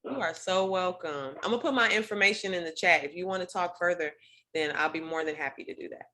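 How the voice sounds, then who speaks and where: Bright-voiced woman hosting a call, affirming everyone, kinda preachy and repeats herself. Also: lowish voice, quick pace. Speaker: host. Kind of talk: encouraging group call hosting.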